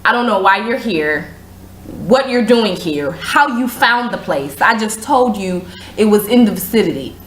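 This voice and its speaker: Female talk-show host, animated storyteller, slangy, echoey room with light noise. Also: normal speed. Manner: animated, slangy, acts out quotes in a higher voice. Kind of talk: casual storytelling chat.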